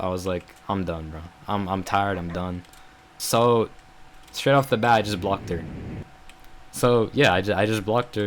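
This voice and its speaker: A young adult vlogger with a mid-range voice tells a story casually, with slight background noise. He rambles, vents his frustration, and peppers everything with "bro," "like," and other fillers.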